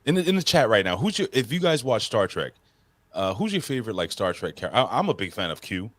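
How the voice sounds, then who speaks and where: A man co-hosting a wrestling podcast, talking in an excited, profane, rambling casual way. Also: on the low side, fast talker, no echo. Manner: excitable, profane, jumps between topics. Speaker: podcast co-host. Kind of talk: casual chat.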